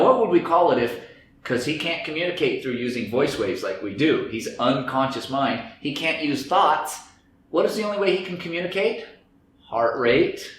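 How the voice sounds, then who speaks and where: Man lecturing lively in an echoey room. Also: fairly high pitch. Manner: acts out inner voices in quoted dialogue. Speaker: speaker on anxiety and stress. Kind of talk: lecture to a group. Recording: very echoey room, faint background noise.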